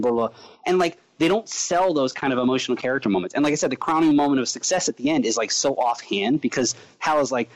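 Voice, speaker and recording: A man chatting casually on a podcast, rambling and animated, acting out characters as he goes. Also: medium pitch, fast talker, low-quality recording. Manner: rambling, animated, acts out characters mid-sentence. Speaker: podcast co-host reviewing a comic. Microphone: remote call mic.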